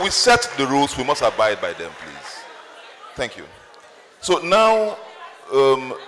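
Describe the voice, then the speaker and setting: A man's voice: mid-range voice, fairly bright tone, a little hiss or hum. A man moderating a town hall, firm and apologetic as he enforces the rules. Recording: reverberant hall.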